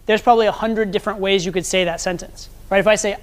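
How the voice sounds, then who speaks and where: A man's voice: high voice, fairly even intonation, fast talker. A man teaching a live seminar as a social skills coach, talking conversationally and often checking in with the audience.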